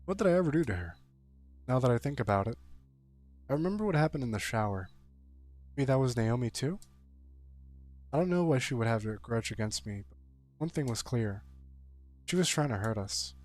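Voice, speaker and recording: A man's voice: medium pitch, animated, moderate pace, pauses often, darkish tone, faint music behind. A man streaming a visual novel, reading the text aloud and breaking off into exasperated, profane commentary.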